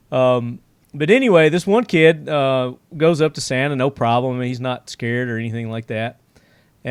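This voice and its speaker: A man's voice: mid-range voice, dry recording. A middle-aged man hosting a podcast, telling stories in a loose, rambling way full of fillers. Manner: rambling storyteller with many fillers. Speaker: podcast host. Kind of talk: casual podcast chat.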